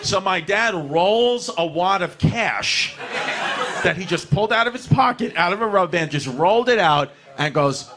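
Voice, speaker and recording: A male stand-up comedian in a comedy club, telling stories in a loud, rowdy, profane way on a stage mic. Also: high voice, lively intonation, moderate pace.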